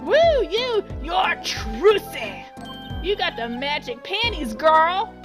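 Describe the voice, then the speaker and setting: A woman doing a loud, brash gossip reporter man. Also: very high voice, big pitch swings, slow pace, over music, pitched above the performer's own voice, heavily acted. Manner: loud, gossipy, quoting himself. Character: brash, nosy male tabloid reporter.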